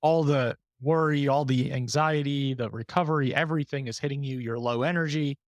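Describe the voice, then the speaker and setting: A man's voice: mid-range voice, fairly even intonation, a little fast, no room sound. A man hosting a podcast, talking openly and reflectively about his own struggles in a candid conversational way. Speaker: podcast host.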